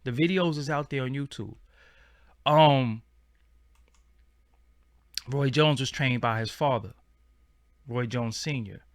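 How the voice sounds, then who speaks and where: A man's voice: medium pitch, slow, long pauses, no room sound, studio quality. A man, hosting a casual livestream and chatting in a slangy, rambling way. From Brooklyn, New York. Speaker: channel host.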